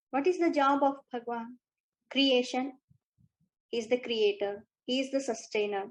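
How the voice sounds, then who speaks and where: A woman with an Indian English accent, giving a devotional discourse and telling stories, slow and warmly unhurried with light laughs and fillers. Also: a little high, low-quality recording. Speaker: spiritual teacher.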